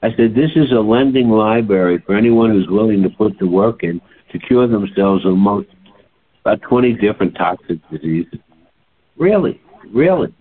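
A man in his late seventies telling a story in a chatty, animated way, as a holistic health practitioner. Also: fairly low pitch, breathy edge. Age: older. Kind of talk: casual monologue. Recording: tinny phone-like sound.

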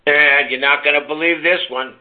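A man's voice: on the high side, steady tone, moderate pace. Casting: older male call-in host, brash and teasing, tinny narrow phone sound. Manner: brash, teasing, coaxing listeners. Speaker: host of a call-in health show. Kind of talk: casual call-in talk.

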